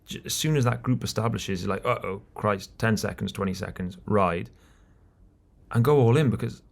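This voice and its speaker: A man co-hosting a cycling podcast, talking in an animated, teasing way about the race. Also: on the low side, moderate pace, creaky. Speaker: podcast co-host, race commentator. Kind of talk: casual podcast chat.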